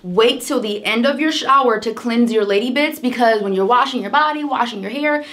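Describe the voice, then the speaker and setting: A woman's voice: a little high, fairly quick, fairly bright tone. A young American woman with a chatty, sisterly manner, giving casual beauty advice to camera and calling her viewers "girl". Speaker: beauty vlogger.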